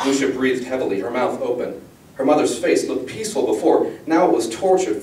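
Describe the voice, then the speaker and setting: A man, the author, giving an expressive, measured reading of his fantasy novel. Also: medium pitch, far from the mic. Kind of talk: dramatic fantasy book reading. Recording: echoey room, voice from the mic.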